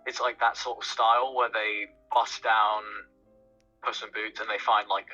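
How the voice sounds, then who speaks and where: A man's voice: fairly low pitch, level tone, normal speed, sharp tone, lo-fi sound, soft background music. A young man guesting on a podcast, chatting casually and hesitantly about films, often restarting his sentences.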